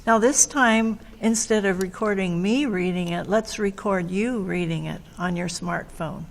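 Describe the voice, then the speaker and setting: A woman working as an adult literacy tutor, speaking patiently with encouraging praise and careful explanations. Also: medium pitch. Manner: patient, warm praise, slow clear explanations.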